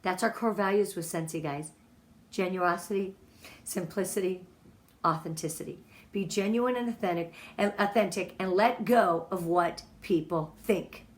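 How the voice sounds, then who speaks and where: A woman's voice: on the low side, moderate pace. A woman giving an emotional, encouraging motivational talk to her sales team as a guest speaker.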